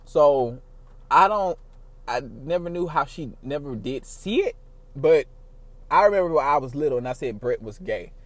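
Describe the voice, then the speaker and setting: A man with a high-pitched voice talks in a loose, unscripted monologue. He is animated and profane, jumping from loud, excited bursts to low, quiet asides. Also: normal speed, no echo. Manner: animated, profane, laughs often, swings loud and soft. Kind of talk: casual monologue.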